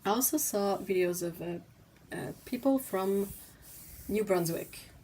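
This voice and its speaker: A woman's voice: mid-range voice, measured pace, dark tone. A native French-speaking woman with a French Canadian accent, chatting casually as a livestream host while painting, rambling with fillers and laughing easily.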